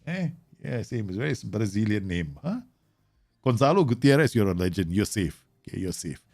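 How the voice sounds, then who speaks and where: Man, low voice, live game stream, casual chatter, animated outbursts. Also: brisk, no room sound, studio quality. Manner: animated, bursts into loud yells and laughs at his players; chatty, answers viewer questions with many fillers. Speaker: streamer playing a football management game.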